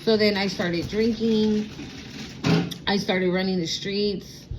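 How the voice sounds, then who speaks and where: A woman's voice: mid-range voice, steady tone, slow, background noise. A woman in her thirties giving a casual spiritual vlog as a tarot reader, talking in a sassy, blunt way with plenty of slang and swearing.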